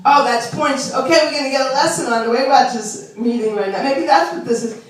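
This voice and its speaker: High-voiced woman comic in her sixties. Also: a little fast, slight background noise. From Long Island. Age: 60s. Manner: wry, self-deprecating, chatty with the crowd. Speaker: stand-up comedian. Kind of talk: stand-up comedy set. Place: small club. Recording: roomy club sound from a distant mic.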